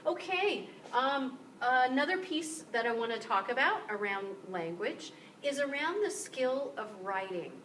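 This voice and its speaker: A woman instructor giving a recorded lecture, explaining clearly and slowing down to model example sentences. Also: fairly high pitch, a bit bright, a little hiss or hum, low-quality recording. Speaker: university instructor. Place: room with motion-sensor lights.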